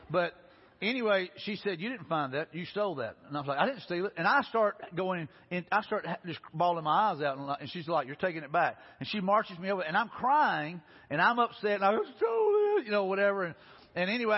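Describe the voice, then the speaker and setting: A man preaching a sermon, telling stories in a folksy, animated way. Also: high-pitched, slightly rough. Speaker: pastor. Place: church sanctuary. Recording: lo-fi recording with long hall reverb.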